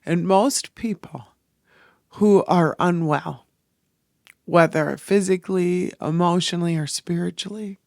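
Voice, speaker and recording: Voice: medium pitch, unhurried, vocal fry, dry recording, studio quality. A podcast host speaking in a personal, reflective monologue, earnest and emotional, rambling through thoughts with restarts.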